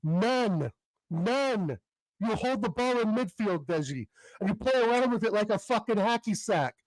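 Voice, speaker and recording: A brash man boasts and swears over the host on a call. His voice is high for a man and sounds dry and close. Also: expressive, unhurried, no echo, poor audio. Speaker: caller, boastful rival fan. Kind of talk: trash talk on a call.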